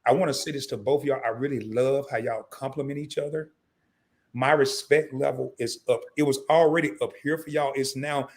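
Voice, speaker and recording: A hoarse man hosting a live interview stream, joking around in a loud, slangy, animated way. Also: mid-range voice, a little fast. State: hoarse from laryngitis. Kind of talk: casual live-stream chat.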